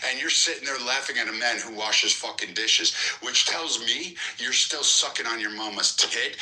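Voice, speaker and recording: Male stream host, aggressive profane rant, sharp bright voice. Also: medium pitch, rough recording. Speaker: political live-stream host. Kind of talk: heated profane political rant.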